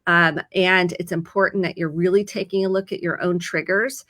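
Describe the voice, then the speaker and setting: Woman, Midwestern accent, therapist, slightly low pitch, bright voice, earnest casual advice. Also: steady tone, normal speed, no room sound. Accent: American Midwest. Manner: earnest, explains with examples.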